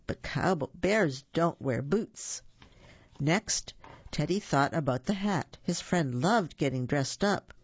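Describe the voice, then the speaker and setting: Gravelly storybook reader. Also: medium pitch, dry recording, dull audio. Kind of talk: children's story read-aloud.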